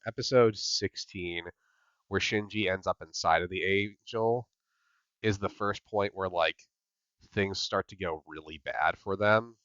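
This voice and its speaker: A man's voice: low-pitched, measured pace, fairly bright tone, dry recording, highs cut off. A man hosting a podcast recap, chatting casually with lots of "like" and "yep" fillers. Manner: filler-heavy, repeats "yep" and "like". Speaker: podcast host.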